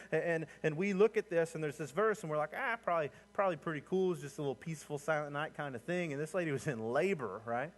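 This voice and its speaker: A man preaching a sermon in a conversational, storytelling way, often asking the listeners to imagine the scene. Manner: conversational, rising in pitch and energy as he builds points. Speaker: pastor.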